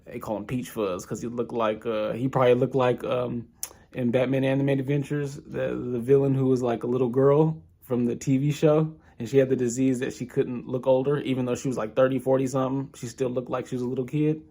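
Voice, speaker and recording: A young man talking through an episode recap in a loose, rambling way. He thinks aloud as he goes and backs up to restart his sentences. His voice sits at a middling pitch. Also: flat delivery, a little fast, warm tone. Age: young adult. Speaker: podcast reviewer.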